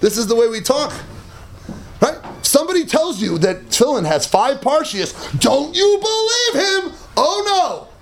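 A man teaching a Talmud class, animated and emphatic, mixing Hebrew and Aramaic terms into English and laughing at his own points. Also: very high voice, moderate pace, a little hiss or hum. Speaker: Torah teacher.

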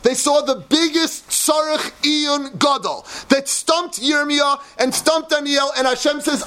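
A man giving a dramatic, impassioned Torah lecture that at times rises to shouting. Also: very high voice, steady tone, measured pace, few pauses.

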